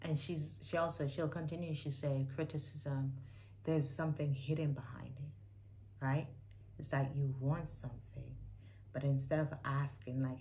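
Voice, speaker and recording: Low-voiced woman vlogger, candid, emphatic reaction commentary with soft asides. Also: fairly even intonation, normal speed, a little hiss or hum. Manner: candid, emphatic, drifts between loud bursts and soft asides. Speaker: YouTuber reacting to a clip.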